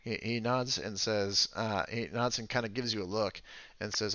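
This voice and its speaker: A man's voice: fairly low pitch, steady tone, normal speed, sharp tone, no echo, muffled recording. A man narrating a tabletop game as game master, chatty and full of stammered restarts.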